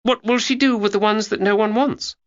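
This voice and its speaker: A man voicing Georgia, a curious and chatty young woman who is full of quick questions. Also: mid-range voice, fairly even intonation, muffled recording, pitched above the performer's own voice, close to an everyday voice. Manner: quick questions, exclaims readily.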